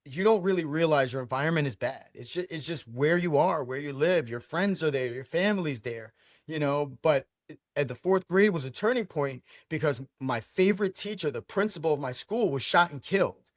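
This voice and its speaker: A middle-aged man from Brooklyn, telling his life story as an interview guest with emphatic, energetic delivery and frequent repeated words. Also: on the high side, moderate pace, dry recording, clean studio sound. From Brooklyn, New York. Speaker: franchise owner guest.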